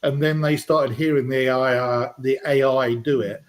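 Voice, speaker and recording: A man's voice: medium pitch, steady tone, normal speed. A man with a British accent hosting a live stream, chatting casually and rambling, with plenty of ums and uhs. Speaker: livestream host.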